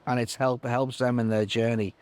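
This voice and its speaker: A middle-aged live sound engineer telling animated stories in an interview, acting out other people's voices with many restarts. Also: male voice, medium pitch, moderate pace. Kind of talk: anecdotal interview chat.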